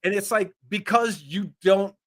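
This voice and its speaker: A man's voice: sits high, measured pace. A man hosting a casual chat, reading viewer comments and ranting with lots of swearing. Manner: profane, animated ranting. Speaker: host.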